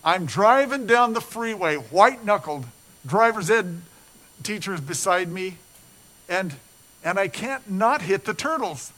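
An older man preaching an earnest, storytelling sermon as a pastor, building up animated and then dropping low and soft. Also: a little slow, low-quality recording.

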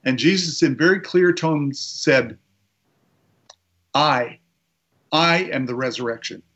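A man preaching a sermon, retelling a story and slowing down to stress key lines. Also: on the high side, a bit bright, muffled recording. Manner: retells a story with quoted voices, slows for emphasis.

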